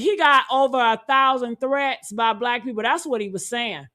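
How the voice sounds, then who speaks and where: A woman giving heated, profane reaction commentary, talking loudly and indignantly and calling out to her viewers. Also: fairly high pitch, normal speed. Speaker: commentary streamer.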